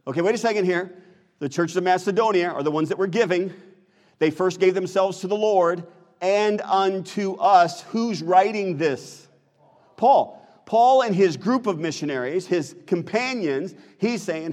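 American male pastor, sermon delivery, quizzes the congregation, higher-pitched voice. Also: normal speed, darkish tone, big-room sound. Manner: preaching, asks the congregation questions. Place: church sanctuary.

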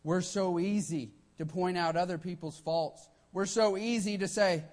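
A man's voice: high-pitched, fairly even intonation, unhurried, hardly any pauses, darkish tone. A man preaching a sermon with emphatic delivery, often starting lines with "hey" and acting out quotes.

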